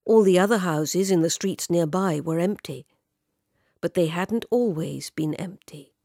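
A woman narrates a story in a slow, measured way. Her voice sits on the low side, and she drops to a whisper when the tension rises. She is recorded close and dry. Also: warm tone, dry recording. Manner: slow, measured, dropping to a whisper at tense moments.

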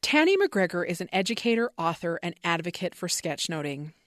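A woman hosting a show, effusive and enthusiastic, who repeats words when she gets excited. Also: fairly low pitch, a little fast. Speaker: podcast host.

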